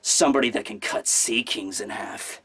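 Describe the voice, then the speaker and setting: A man voicing a grim, stoic male swordsman, speaking low, quiet and serious. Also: normal speed, husky.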